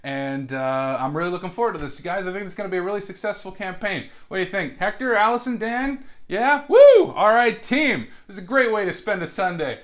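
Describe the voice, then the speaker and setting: A man's voice: high-pitched, lively intonation, fast talker, hardly any pauses, fairly bright tone. Hesitant man running a game. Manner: hesitant, lots of fillers and restarts. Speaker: game master. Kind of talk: comedic solo tabletop role-play.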